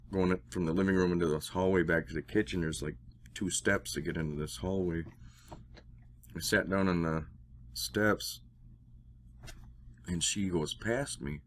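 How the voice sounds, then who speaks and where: A man telling a personal story in a casual, rambling way. He swears and gets excited when he acts out dialogue. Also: deep voice, slight background noise. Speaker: interview guest.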